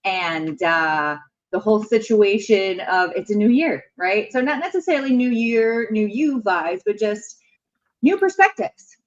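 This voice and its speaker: A woman's voice: medium pitch, expressive, measured pace, dull audio. Rambling, chatty woman hosting a livestream. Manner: rambling, chatty, with many fillers and laughs. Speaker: livestream talk show host. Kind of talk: casual livestream chat.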